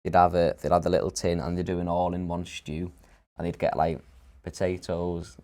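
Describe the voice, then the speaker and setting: A man's voice: deep voice, little pitch movement, normal speed, darkish tone. A young man with a St Helens accent, co-hosting a casual podcast chat and telling stories with quoted voices. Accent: St Helens, Northern English. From St Helens, England. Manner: chatty storyteller, laughs often, acts out quotes. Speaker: podcast co-host.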